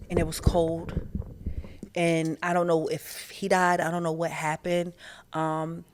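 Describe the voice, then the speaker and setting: A woman hosting a podcast, talking in a candid, animated way, with slang and profanity, in a casual spiritual monologue. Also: on the low side, a little slow, noisy background. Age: adult, past her teens. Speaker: podcast host.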